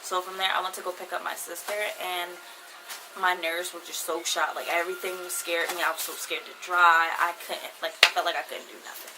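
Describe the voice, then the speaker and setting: A woman's voice: lowish voice, flat delivery, a little fast. A woman in her twenties, telling a personal story to her viewers in a casual, rambling way, with many fillers. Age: 20s. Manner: chatty, rambling, heavy use of "like". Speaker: vlogger. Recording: noisy background ambience.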